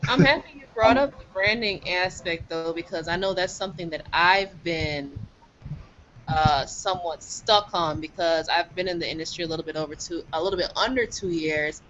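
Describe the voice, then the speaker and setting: Lively outspoken woman on a call, a bit muffled sound. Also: fairly low pitch, moderate pace. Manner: lively, outspoken, laughs easily. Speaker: group call participant. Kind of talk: casual group call. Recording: dull call audio with faint noise.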